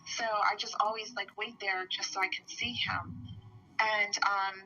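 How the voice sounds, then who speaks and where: A woman's voice: medium pitch, flat delivery, unhurried, pushed and bright, dull audio. A woman giving a rambling statement to a police officer, full of "like" and retold quotes, picked up on a bodycam. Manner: rambling, heavy use of "like", voices other people when retelling.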